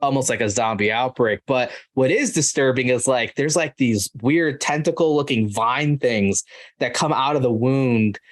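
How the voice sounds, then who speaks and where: A man hosting a casual film podcast, talking in an animated way and saying "dude" and "like" often. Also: mid-range voice, moderate pace. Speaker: podcast host. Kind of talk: casual chat.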